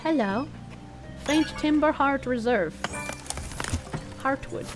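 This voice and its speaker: Woman, game streamer, casual commentary, highish voice, talks to characters, casual swearing. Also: lively intonation, takes it slowly, rough recording. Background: game music.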